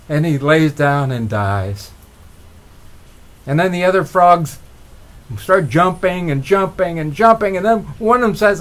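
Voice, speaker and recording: A middle-aged man telling motivational stories in a relaxed, rambling way, with frequent restarts. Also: on the high side, normal speed. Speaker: motivational speaker. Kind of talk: motivational storytelling.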